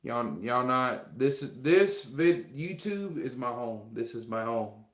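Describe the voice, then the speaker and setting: A man's voice: medium pitch, lively intonation, takes it slowly. A man talking casually to viewers on a livestream, rambling and repeating himself, earnestly thanking his fans. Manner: rambling and repetitive, full of fillers. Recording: echoey room.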